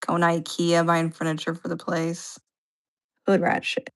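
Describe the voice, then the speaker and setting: A woman's voice: fairly low pitch, completely flat delivery, measured pace, clean tone. A middle-aged woman co-hosting a livestream, talking casually and filling her speech with "like". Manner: chatty, peppered with "like". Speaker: livestream co-host. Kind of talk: casual chat.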